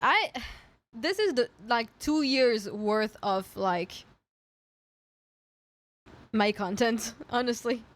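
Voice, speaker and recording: A woman's voice: fairly high pitch, animated, slow pace, pauses often, no room sound. A woman streamer from France speaking English with a light French accent, chatting casually and often restarting her sentences. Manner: chatty, self-interrupting, swears casually. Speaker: VTuber streamer. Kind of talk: casual reaction stream chat.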